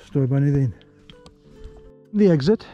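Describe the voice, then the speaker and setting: A man narrating a hike to the camera on an outdoor canyon trail, easygoing and chatty, thinking aloud with pauses. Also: medium pitch, lively intonation, muffled recording, soft background music. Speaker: travel vlogger.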